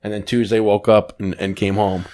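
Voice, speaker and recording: Dude cohosting a chill podcast, animated, does little voices when he tells stories. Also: on the low side, normal speed. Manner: animated storytelling, acts out quotes. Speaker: podcast co-host. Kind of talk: casual chat.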